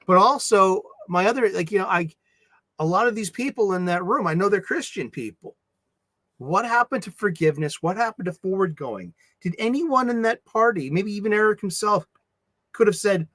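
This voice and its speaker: A man chatting casually on a livestream, rambling and animated, often breaking into laughs. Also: sits high, no room sound. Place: home studio.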